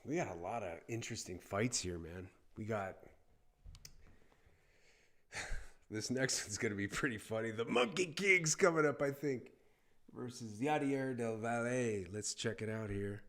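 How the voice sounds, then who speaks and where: A man streaming casual live play-by-play of a fight, excitable and chatty, repeating short exclamations and talking to his viewers by name. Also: fairly low pitch, a little slow, long pauses.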